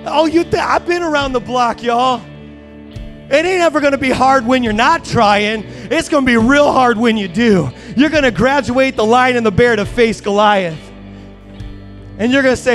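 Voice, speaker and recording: A man preaching a sermon as pastor, building to shouted, rising emphasis. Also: very high-pitched, normal speed, soft background music.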